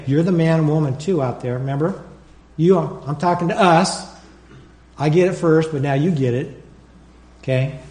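A man preaching a sermon as pastor, animated, acting out his own prayers and calling out to the congregation for responses. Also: a little high, roomy sound.

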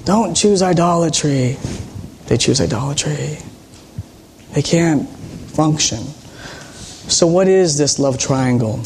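A man's voice: on the high side, takes it slowly, pauses often, noisy background. A man, a pastor, preaching a sermon in a teacherly way, quizzing the congregation and retelling Bible stories with animation.

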